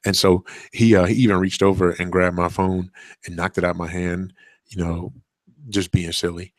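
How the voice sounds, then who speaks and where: A man's voice: sits low, level tone, moderate pace, dry recording. A man, hosting a solo show and telling a rambling story about his toddler son, with lots of fillers and restarts. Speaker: podcast host. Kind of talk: casual solo monologue.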